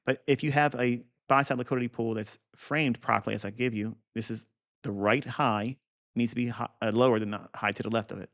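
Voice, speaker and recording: A man with a gravelly, slightly fried voice at an average pitch, teaching a live trading lesson. He is blunt and profane, drifts into digressions and talks straight to the viewer. He hammers points home by repeating them. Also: fairly even intonation, a little fast, a bit bright. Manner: repeats key points for emphasis. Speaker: trading educator. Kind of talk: live market review lesson.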